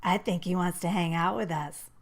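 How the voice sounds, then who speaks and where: A man's voice: high-pitched, steady tone, moderate pace. A woman voicing a lean, outgoing teenage boy with a friendly, inviting manner.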